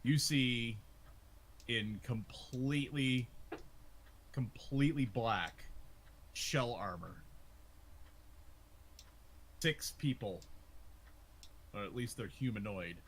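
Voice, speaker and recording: Slow-narrating male game master. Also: mid-range voice, a bit bright, a little hiss or hum. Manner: slow, drawn-out scene narration. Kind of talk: narrating a tabletop role-play over voice chat.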